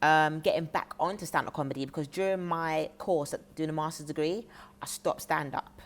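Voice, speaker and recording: A woman's voice: deep voice, steady tone, moderate pace. A young woman, a comedian chatting casually as an interview guest, laughing often and trailing off into fillers.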